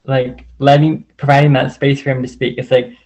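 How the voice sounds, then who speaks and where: A man's voice: medium pitch, flat delivery, fairly quick, darkish tone, lo-fi sound. A man sharing personal stories in a casual, earnest way, rambling and leaning on the filler "like" over and over. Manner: rambling, heavy use of "like" fillers; earnest and open.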